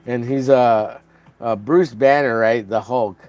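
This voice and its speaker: Man, mid-pitched voice, loose rambling livestream chat, laughs at his own jokes. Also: slow, a little mellow, muffled recording. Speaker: comic artist streaming while coloring.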